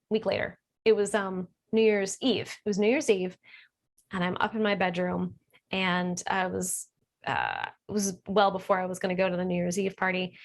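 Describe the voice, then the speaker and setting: A woman speaks casually to camera, telling a personal story. She is chatty and animated, laughs easily, and her voice lifts when she gets excited. Her speech is full of fillers and fresh starts. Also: mid-range voice. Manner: chatty, laughs often, many fillers and restarts. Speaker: holistic healer.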